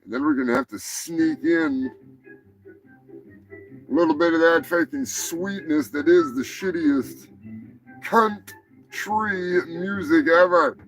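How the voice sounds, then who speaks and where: A man's voice: a little high, slow, pauses often, faint music behind, low-quality recording. A man hosting a casual live comedy show, talking in a profane, rambling, offhand way. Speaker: host.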